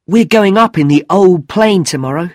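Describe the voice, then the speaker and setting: A man voicing a practical, eager teenage boy in a storybook reading, speaking briskly. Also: high voice, lively intonation, darkish tone, no echo, studio quality, voice pushed up. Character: teenage boy, keen photographer.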